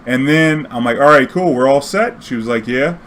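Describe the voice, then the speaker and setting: Man, mid-pitched, loose and profane, acts out the dialogue in a casual story. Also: moderate pace, a bit bright, slight background noise. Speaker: storyteller and streamer. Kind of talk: casual anecdote telling.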